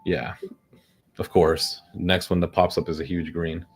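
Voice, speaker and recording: A low-voiced man commenting casually on a trading stream. He mutters sarcastic jokes and complains about his headache. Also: level tone, unhurried, breathy edge. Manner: sarcastic, joking, mumbling asides. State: suffering a headache.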